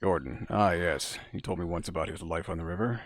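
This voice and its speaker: A man voicing a gruff, blunt male village castellan with a gravelly voice, reading game dialogue aloud. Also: low voice, a little fast, no room sound, pitched below the performer's own voice. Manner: blunt, matter-of-fact.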